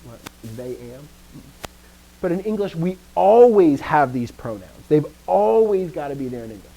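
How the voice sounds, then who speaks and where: A man teaching Greek grammar to a class, lively, putting questions to his students and often dropping to a quiet trailing voice. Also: on the high side, normal speed, vocal fry, rough recording. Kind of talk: classroom lecture.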